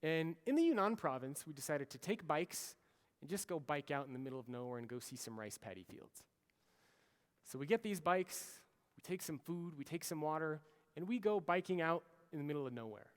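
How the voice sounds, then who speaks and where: Animated man speaking in a reverberant hall. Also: a little high, fairly quick. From United States. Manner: animated storyteller, acts out quoted orders. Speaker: keynote speaker. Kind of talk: storytelling keynote speech. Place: large conference hall.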